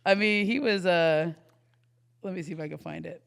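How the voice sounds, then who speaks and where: Woman sports reporter, guest on a podcast, lively anecdote teller with easy laughs. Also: fairly low pitch, normal speed, vocal fry, clear, resonant tone. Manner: animated storyteller, laughs often. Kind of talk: casual podcast chat.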